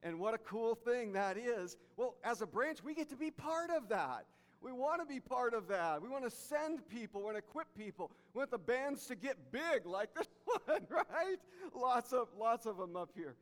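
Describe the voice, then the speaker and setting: A pastor preaching a sermon, emphatic, repeating key phrases and dropping soft for emphasis. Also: male voice, extremely high pitch, sing-song, normal speed. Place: church sanctuary. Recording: church hall reverb.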